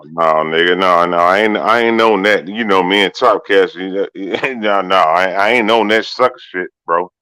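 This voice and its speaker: Chicago man, bright, forceful voice, loud casual protest. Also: low voice, normal speed, few pauses, smooth, no echo. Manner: loud, protesting, repeats words. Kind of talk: casual live-stream banter.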